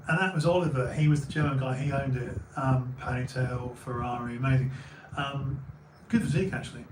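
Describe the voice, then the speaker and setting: A man's voice: medium pitch, fairly even intonation, brisk, noisy background. A man from England with a British accent, telling stories in a rambling casual way, often repeating and restarting his words. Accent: British English. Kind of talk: casual storytelling monologue. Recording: echoey room, mic a bit far.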